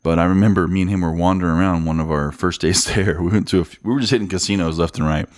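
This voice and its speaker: A man's voice: low voice, fairly even intonation, fast talker. A man co-hosting a podcast in casual chat over drinks, laid-back, swearing freely and laughing through his stories. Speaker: podcast co-host.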